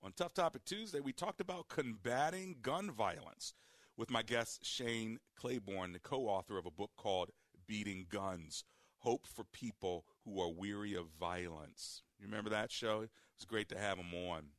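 Low-voiced man hosting a call-in show. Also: moderate pace, dry recording, clean studio sound. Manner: lively, direct, repeats key points. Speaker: radio call-in host and preacher. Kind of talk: call-in radio talk.

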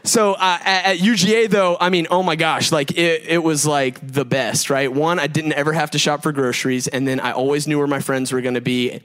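A man in his thirties preaching to a crowd in a loose, joking way, full of fillers and self-deprecating asides. His voice sits a bit high for a man. The tone is smooth and resonant. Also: fairly even intonation, a little fast, hardly any pauses, a bit bright. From Georgia, United States. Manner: chatty and self-deprecating, many fillers and laughs. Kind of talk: humorous sermon to a live crowd.

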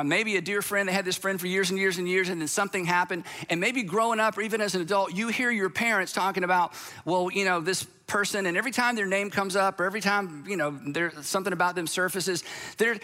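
Bright, high-voiced male speaker. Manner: animated, acts out the voices of people he quotes. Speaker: speaker addressing an audience.

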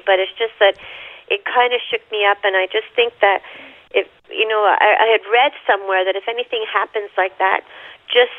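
A woman's voice: medium pitch, no echo. An older woman calling in to a radio show, earnest and hesitant, stumbling over and repeating her words. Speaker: caller. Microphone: phone. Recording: tinny phone line.

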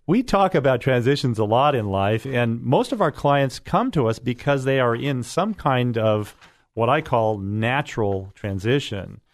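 A man's voice: mid-range voice, lively intonation, measured pace, dry recording. Middle-aged male radio host, folksy and chatty, mid voice, dry studio sound. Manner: folksy and chatty, with many fillers. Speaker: radio real estate show host. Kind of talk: casual radio talk show chat.

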